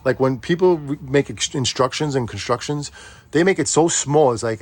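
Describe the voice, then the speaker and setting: A man's voice: medium pitch, moderate pace. A middle-aged man chatting casually and rambling as he walks a camera around his garage arcade. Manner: rambling, chatty, self-interrupting. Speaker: vlogger. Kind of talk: casual walk-through chat.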